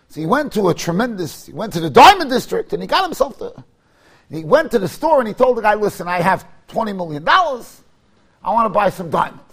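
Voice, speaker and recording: A man teaching a Torah class. He tells stories in an animated way, mixes in Hebrew and Yiddish terms, and rises to emphatic shouts. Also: high-pitched, breathy edge.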